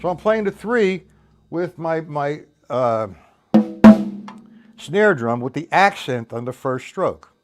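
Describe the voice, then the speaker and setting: A man's voice: on the high side, lively intonation, slow pace, long pauses, over loud music. A man teaching drums on a live stream, rambling loosely and counting beats aloud, tired after a night without sleep. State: tired from staying up all night. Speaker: drum teacher. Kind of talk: live-streamed drum lesson. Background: drum kit playing.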